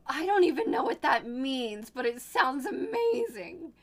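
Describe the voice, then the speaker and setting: A young woman from Oregon streaming live, chatting casually with viewers and gushing excitedly. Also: high-pitched, unhurried, hardly any pauses. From Oregon, United States.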